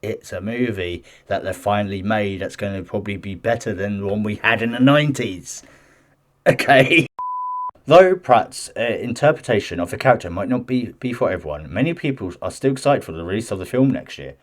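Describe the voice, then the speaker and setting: A man with a fairly low voice talks through gaming news in a loose, chatty way. He reads an article aloud, breaking off for defensive asides and often tripping over his words. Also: lively intonation, a little fast. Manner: chatty and defensive, stumbles and restarts while reading. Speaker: gaming news channel host. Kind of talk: casual commentary mixed with reading news aloud.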